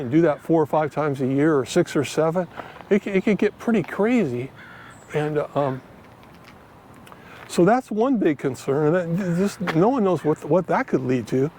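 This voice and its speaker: A man's voice: a little high, darkish tone, slight background noise. A man rambling with lots of fillers as he walks through a park, filming his finance vlog on a handheld phone. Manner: rambling, chatty, with many fillers. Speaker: finance vlogger. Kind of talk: casual walking vlog. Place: outdoors, walking through a park.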